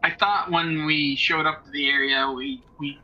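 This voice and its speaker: A man's voice: fairly high pitch, steady tone, normal speed. A man playing in a tabletop game, speaking hesitantly with restarts. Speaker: player. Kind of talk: casual tabletop game chat. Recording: dull lo-fi audio.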